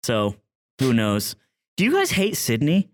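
A man's voice: mid-range voice, huge pitch swings, measured pace. A man in casual podcast banter, joking and teasing while he retells small moments.

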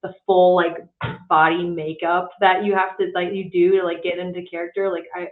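A woman's voice: lowish voice, little pitch movement, moderate pace, echoey room. Rambling young woman over tinny line. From Michigan. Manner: rambling, lots of filler likes. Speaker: guest singer-songwriter. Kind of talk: casual interview chat.

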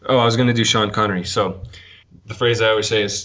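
A man's voice: lowish voice, little pitch movement, quick pace, dull audio. A man hosting a podcast, chatting casually and breaking into silly voices. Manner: playful, jumps into loud silly voices. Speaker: podcast host. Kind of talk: casual chat trying out celebrity impressions.

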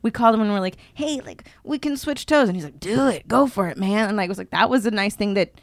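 Animated woman telling a story. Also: medium pitch, quick pace, no echo, studio quality. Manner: animated, acts out quotes with many fillers. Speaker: podcast co-host. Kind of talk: casual chat, storytelling.

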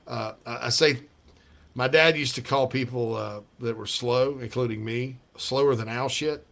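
A man's voice: medium pitch, moderate pace, vocal fry, fairly bright tone. A man hosting sports radio, rambling and joking in casual banter with bursts of laughter.

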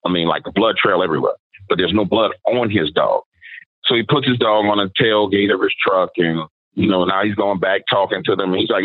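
A man's voice: deep voice, brisk, husky, no echo. A man telling a paranormal story as a guest, chatting casually and voicing the people in it. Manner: conversational, quotes people in his story. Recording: thin phone-like sound.

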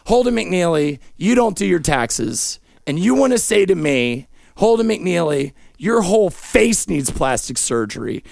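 A young man delivering a rambling, profane comedic monologue with sudden yelled outbursts, recorded close on a studio mic. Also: high-pitched, creaky, dry recording. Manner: absurd, profane stream of consciousness with sudden yelling. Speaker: podcast host.

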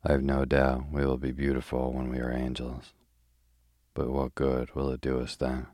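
A man's voice: extremely low pitch, completely flat delivery, moderate pace, darkish tone, dry recording, studio quality. A man reading as a prim, gossipy old housekeeper. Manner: chatty, prim, old-fashioned. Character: gossiping pious older spinster housekeeper woman. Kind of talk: sleepy bedtime audiobook reading.

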